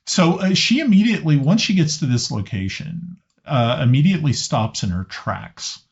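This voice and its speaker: A man's voice: on the high side, very animated, moderate pace, gravelly. A man narrating as game master of a tabletop game, hesitant and often restarting his sentences. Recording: slightly muffled lo-fi audio.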